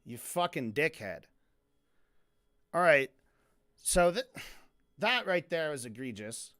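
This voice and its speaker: A man giving sarcastic, profane commentary as a streamer reacting to a video, with lots of halting restarts. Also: a little high, very animated, a bit bright. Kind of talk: casual commentary.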